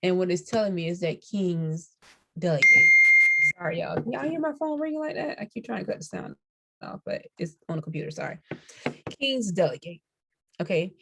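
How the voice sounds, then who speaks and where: A woman's voice: on the low side, big pitch swings, moderate pace, gravelly, a little hiss or hum. A woman casually reading tarot cards and explaining them to viewers in a chatty way. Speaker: tarot reader.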